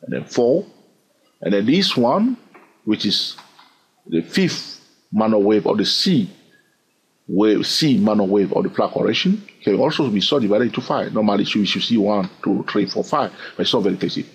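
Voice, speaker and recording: A man's voice: fairly low pitch, expressive, normal speed, a little hiss or hum. A man with a French accent teaching chart trading, repeating himself and often asking "yes or no?" to check on listeners. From France. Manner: repetitive, asks "yes or no?" often; says "blah, blah" to skip steps. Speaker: trading educator. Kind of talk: screen-share chart lesson.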